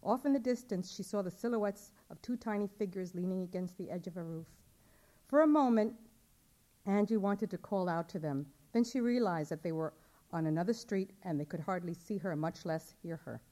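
A woman's voice: on the low side, moderate pace, warm tone. A woman author reading her short story aloud at a public event, narrating plainly and voicing the dialogue.

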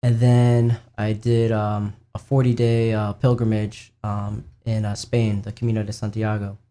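A man's voice: lowish voice, little pitch movement, a little slow, dark tone. A young man sharing a personal faith testimony in a casual, earnest way, with frequent fillers and restarts. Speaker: speaker sharing his faith and vocation story.

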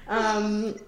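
A woman co-hosting a casual recap podcast, relaxed and giggly, with many fillers. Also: mid-range voice, echoey room. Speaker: podcast co-host.

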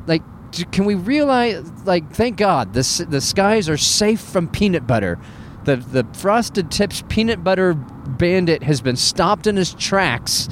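A man who works as a cruise ship entertainer tells a comic story in a sarcastic rant, breaking into high, incredulous squeaks. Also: slight background noise.

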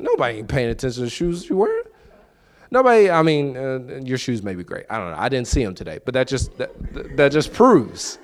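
With a medium-pitched voice, huge pitch swings and a fairly quick delivery, a man preaches conversationally. He tells stories and performs the dialogue for himself and others, repeating key phrases often to stress them.

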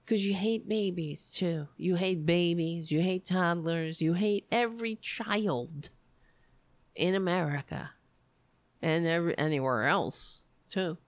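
Sarcastic, profane woman ranting, slow delivery. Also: fairly low pitch, no room sound. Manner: profane, sarcastic, muttering asides while searching. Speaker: political commentator. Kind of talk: angry political rant.

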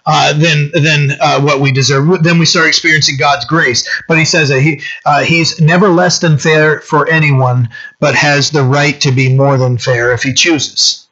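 A man's voice: on the high side, sharp tone, husky, highs cut off. A man preaching a conversational sermon as pastor, often asking "right?" and saying "you know". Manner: casual, peppers talk with "you know" and "right?".

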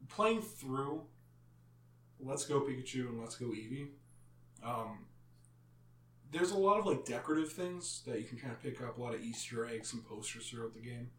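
A man's voice: medium pitch, expressive, normal speed, a bit bright. A man co-hosting a casual podcast, describing things hesitantly and searching for words. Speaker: podcast co-host. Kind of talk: casual chat. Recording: echoey room, mic at a distance.

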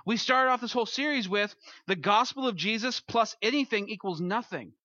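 A male pastor with a high, bright voice delivers a casual, story-driven sermon and slips into playful quoted voices. The sound is dry and close, a little dull in the highs. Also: fairly quick, dry recording. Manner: conversational preaching, acts out quotes.

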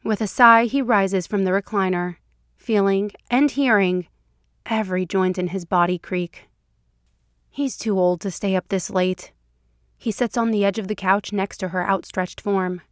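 A woman reads fan fiction aloud for an audio podcast in an even, measured voice at a middle pitch. The sound is close-miked and dead dry, with no room tone at all. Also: no room sound. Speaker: podcast reader.

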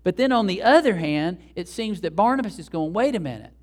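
A man preaching a sermon as pastor, animated and acting out the dialogue he quotes. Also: sits high, brisk.

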